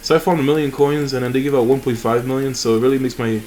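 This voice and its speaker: A man's voice: medium pitch, steady tone, quick pace, a little mellow, slight background noise. A young man hosting a mobile game channel, chatting casually and rambling with fillers and restarts over his gameplay.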